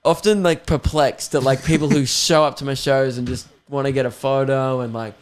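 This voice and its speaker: A young Australian man hosts a casual podcast chat. He tells stories in an animated way, laughing often and swearing freely. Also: mid-range voice, moderate pace, smooth. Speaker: podcast host.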